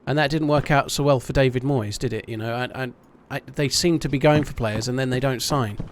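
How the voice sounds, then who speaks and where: At home on a live game stream, a man with a mid-range, slightly fast voice chats casually while gaming. He swears freely and thanks his supporters.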